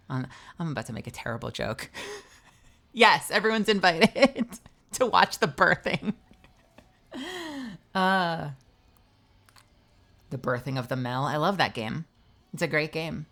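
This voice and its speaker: A young woman voice actor chatting on a live stream, wandering from thought to thought. She cracks self-mocking jokes in a low-pitched, easygoing voice. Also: fairly bright tone. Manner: rambling, joking, self-mocking. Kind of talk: casual live-stream chat.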